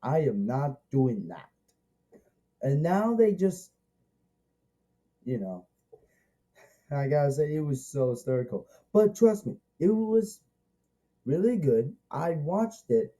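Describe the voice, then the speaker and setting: A man reviewing a movie in a loose, unscripted way, circling back to the same points and repeating himself. He talks slowly, and his voice is slightly high in pitch yet very dark and mellow in tone. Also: low-quality recording. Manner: rambling and repetitive, eager, many restarts. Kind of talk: casual spoken movie review.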